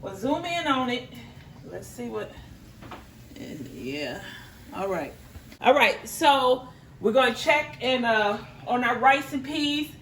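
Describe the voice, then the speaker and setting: Her voice fairly high and sing-song, a mother talks slowly and chattily as she cooks at home, apologizing and laughing at her own slip-ups. The distant mic picks up a roomy sound, with her slightly off-mic amid kitchen noise, a sizzling pan, and clicks.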